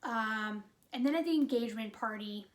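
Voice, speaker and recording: A woman with a fairly high voice talks through a movie in a loose, chatty way. She retells the plot with animated, exasperated asides and leans on "like" as she goes. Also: moderate pace. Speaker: movie reviewer. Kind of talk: casual chatty movie review.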